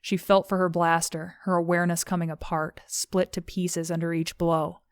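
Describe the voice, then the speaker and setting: A woman narrating a novel as an audiobook, in a steady, measured reading. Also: on the low side, no echo, studio quality. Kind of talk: scripted narration of a thriller novel.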